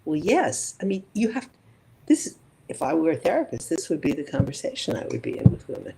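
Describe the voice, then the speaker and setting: Her voice is low and creaky yet warm, racing along fast with big swings in pitch. As a psychologist guest in a thoughtful interview, she leans on examples and rhetorical questions, and the poor audio carries a little hiss or hum.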